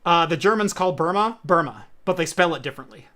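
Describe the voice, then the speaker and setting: A man hosts a relaxed tech podcast in a bright, forward voice. He rambles through jokes and show plugs in loose, easygoing chat. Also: fairly high pitch, fast. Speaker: podcast host.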